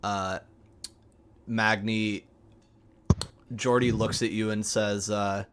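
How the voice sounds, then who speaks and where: A man running a tabletop game, narrating the scene slowly with many pauses. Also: fairly low pitch, flat delivery, background noise. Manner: slow, halting, many fillers. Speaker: game master.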